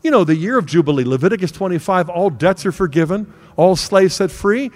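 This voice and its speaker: A middle-aged man preaches to a room in an earnest, storytelling way, acting out bits of family dialogue. His voice sits a little high for a man. Long reverb from the hall trails after each phrase. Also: expressive, brisk, few pauses, darkish tone. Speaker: speaker giving a talk. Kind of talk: sermon-style talk with personal story.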